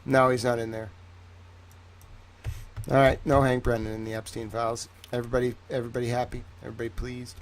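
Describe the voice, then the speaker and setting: A man's voice: medium pitch, flat delivery, fairly quick, long pauses. A man giving rambling, reactive commentary on a livestream, swearing freely.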